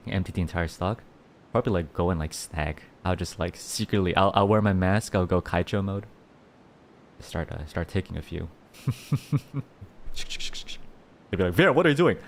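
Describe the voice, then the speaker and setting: A man's voice: low-pitched, normal speed, long pauses, slight background noise. A man streaming and chatting casually, giggling often and thanking donors with playful rawrs. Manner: rambling with many restarts. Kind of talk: casual livestream chat.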